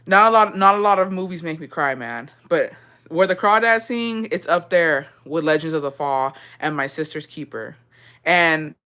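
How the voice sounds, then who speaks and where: A woman's voice: sits low, a bit bright. Young woman ranting emotionally to viewers. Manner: emotional, profane, rambling. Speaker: vlogger. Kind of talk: casual chat to viewers.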